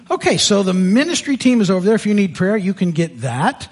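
A man preaching as a pastor in church, moving from earnest appeal into animated storytelling. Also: a little fast, few pauses, husky. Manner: animated, jumps into high voices when telling stories. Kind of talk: sermon with storytelling.

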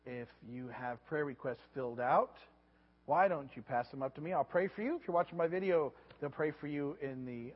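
A pastor preaching a sermon, animated and repeating his words, sometimes acting out voices. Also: medium pitch, slightly rough. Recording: dull lo-fi sound with long hall reverb.

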